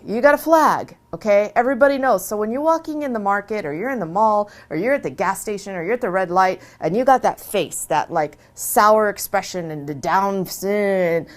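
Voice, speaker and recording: A woman who converted to Islam tells her story in a casual interview, earnest and emphatic, often repeating a phrase for stress. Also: mid-range voice.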